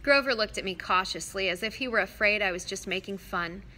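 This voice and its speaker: Bright-voiced woman reading a novel. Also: medium pitch, brisk. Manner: steady, expressive storytelling. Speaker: audiobook reader.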